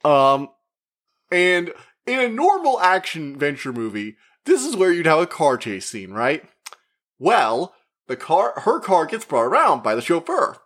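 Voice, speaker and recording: A man giving a casual, rambling spoken movie review, chatty and full of fillers, who acts out the characters' lines in quick put-on voices. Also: a little high, wildly swooping pitch, fairly bright tone. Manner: rambling, with frequent fillers and restarts. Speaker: media reviewer.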